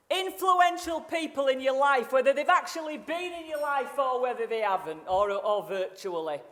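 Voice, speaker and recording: A woman's voice: high-pitched, normal speed. A middle-aged Yorkshire woman delivers a motivational sales keynote, brash and blunt with plenty of jokes and the odd mild curse. Her voice rings out in a long hall reverb, as if from the stage of a big conference room. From Yorkshire, England.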